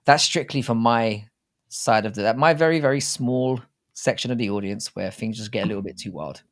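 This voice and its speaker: A British man with a mid-pitched voice co-hosting a live fight show. He talks in a loose, animated ramble, cracks jokes and swears freely. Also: fairly quick. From Britain. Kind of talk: casual chat on a live stream.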